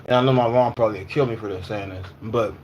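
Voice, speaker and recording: A man's voice: lowish voice, fast talker, background noise. A man in his twenties or thirties chatting casually on a livestream. He talks in a loose, slangy way, repeats himself, and answers viewers' comments as he goes.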